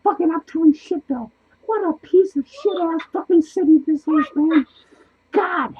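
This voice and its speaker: A man playing a lonely, foul-mouthed male clown who rambles excitedly, swears constantly and loses his train of thought, in a comedic monologue. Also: normal speed, dull audio. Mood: manic. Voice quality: squeaky, swears constantly, laughs wildly. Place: small cluttered home studio indoors.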